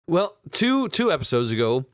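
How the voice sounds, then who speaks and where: A man's voice: fairly high pitch, sing-song, normal speed, no room sound, studio quality. A young man co-hosting a podcast, rambling and joking crudely in casual banter. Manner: rambling, crude and jokey, many restarts. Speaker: podcast co-host.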